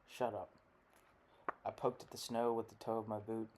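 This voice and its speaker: A man narrating a literary short story as an audiobook, with a low, steady, even delivery. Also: fast talker, noisy background.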